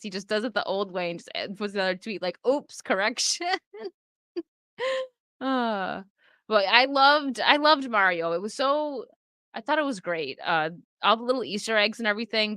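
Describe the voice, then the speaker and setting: A streamer with a bright, forward, medium-pitched voice talks casually to her live chat, replying to comments and laughing a lot. Her close desk mic sits in a dry, dead-sounding room without any echo.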